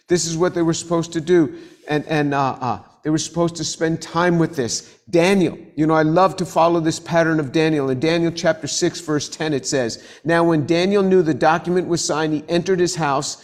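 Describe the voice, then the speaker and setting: A middle-aged man preaching and teaching scripture, earnest, repeating key phrases and reading verses slowly. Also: high-pitched. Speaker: preacher and professor. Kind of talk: sermon teaching.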